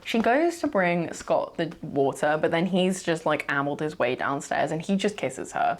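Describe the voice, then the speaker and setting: A woman recapping a novel in a casual, chatty way, full of sarcastic asides and "like". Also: sits low. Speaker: book reviewer.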